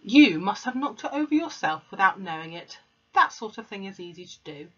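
A woman doing a gentle, firm young teacher. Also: medium pitch, very animated, fairly quick, breathy edge, voice pushed up. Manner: firm, unflinching, kind. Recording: dull lo-fi recording.

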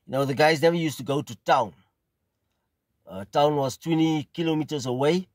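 A middle-aged man from South Africa with a South African accent, telling a casual, rambling story at an unhurried pace and often repeating phrases. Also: fairly high pitch, no room sound. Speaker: pipe smoking video host.

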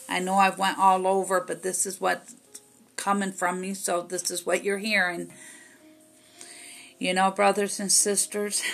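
A woman's voice: mid-range voice, gravelly, fairly bright tone. Exhorting woman preacher, faint music behind. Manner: exhorting, repetitive commands, rises to emphatic peaks. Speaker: minister. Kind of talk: preaching to camera.

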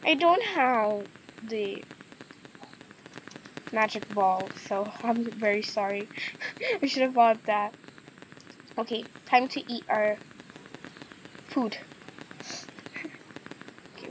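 A woman's voice: fairly high pitch, slow, long pauses, a little hiss or hum, low-quality recording. A woman chatting casually in a vlog, giggling often and easily amused. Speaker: gaming and eating vlogger.

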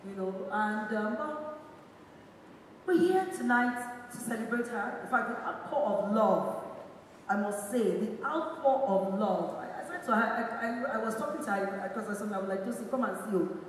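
A woman's voice: on the high side, expressive, slight background noise. Nigerian woman speaking in an echoey hall. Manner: halting, rambling, with many fillers and restarts. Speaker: bereaved sister giving a tribute. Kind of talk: spoken tribute at a memorial event. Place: large echoey event hall. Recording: echoey hall recorded from far off.

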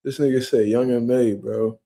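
A man's voice: medium pitch, steady tone, moderate pace. A young man casually chatting on a livestream at home, reacting to viewer comments with loose, profane slang. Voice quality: profane, laid-back slang-heavy talk. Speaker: livestream host. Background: quiet room at home.

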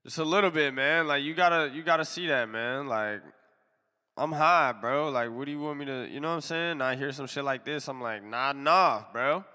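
A man chats through a casual live music review, loose and slangy, leaning on fillers between thoughts. His voice is bright and smooth but a bit nasal from allergies. A long reverb hangs behind every word. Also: mid-range voice, moderate pace. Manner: laid-back and slangy, filler-heavy. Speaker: music review show host.

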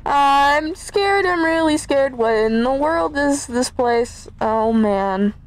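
A woman's voice: high voice, expressive, takes it slowly, rough recording. A woman streaming a horror game, chatting to viewers and easily scared as she plays. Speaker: gaming YouTuber. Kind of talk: let's play commentary.

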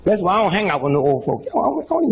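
A man in his seventies, a comedian, tells stand-up stories to a live audience in a folksy, rambling way, tossing in asides like "huh?" and "you know what I'm saying?". His voice is high with huge pitch swings and vocal fry, and he talks very fast. The low-quality recording carries slight background noise.

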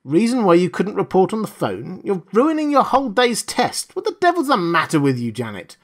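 A man putting on a gruff, irritable boss. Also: sits high, wildly swooping pitch, brisk, pitched above the performer's own voice, full character voice. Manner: grumbling, sharp.

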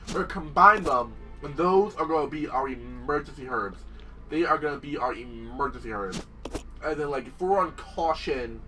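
A man giving casual, excitable commentary over his gameplay, shouting and squealing when something surprises or disgusts him. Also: mid-range voice, distant mic. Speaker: gaming video host. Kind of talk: casual let's-play commentary.

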